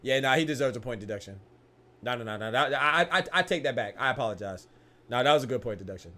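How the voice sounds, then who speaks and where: A young man gives casual live commentary on a boxing match at a quick pace in a medium-pitched voice. He's slangy and excitable, often restarting sentences and laughing.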